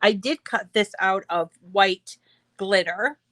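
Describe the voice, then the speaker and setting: Slow, chatty woman teaching a craft. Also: mid-range voice, sharp tone, no echo. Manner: chatty, explains step by step with fillers. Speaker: craft tutorial host. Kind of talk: screen-share craft tutorial.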